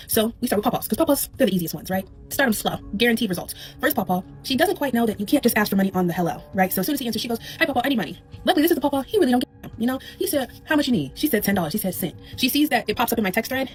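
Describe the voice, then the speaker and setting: Woman, comedic storyteller mom, sassy, very quick, lively pitch, faint music behind. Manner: animated, sassy, acts out voices. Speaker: mother telling a story.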